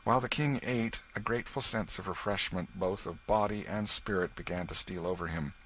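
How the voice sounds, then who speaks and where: A man narrating a classic novel audiobook in a measured storytelling manner. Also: fairly low pitch, a bit bright, a little hiss or hum, rough recording. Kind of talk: scripted narration.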